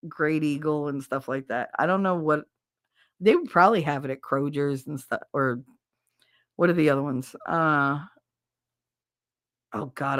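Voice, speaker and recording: Speaking from her bedroom at home, this podcast host chats casually with her live viewers, cursing freely and laughing at her own expense. Her voice is low and a bit bright, captured at studio quality with no room sound, and her manner is chatty and self-mocking.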